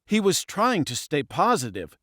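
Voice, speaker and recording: A man reading a children's storybook aloud with lively, expressive swings in pitch. His voice sits a little high and is recorded close and dry in a studio. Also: normal speed, dry recording. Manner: expressive, dramatic. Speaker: audiobook narrator. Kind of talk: scripted storybook narration.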